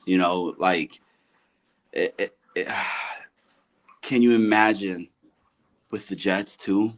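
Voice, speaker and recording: A man in casual chat, rambling and swearing with halting restarts. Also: sits low, fairly even intonation.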